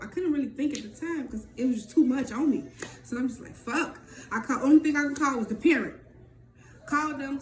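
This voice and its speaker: A woman telling a personal story in casual talk, candid and swearing freely, acting out what others said in quick lively bursts. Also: a little high. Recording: echoey room with faint background noise.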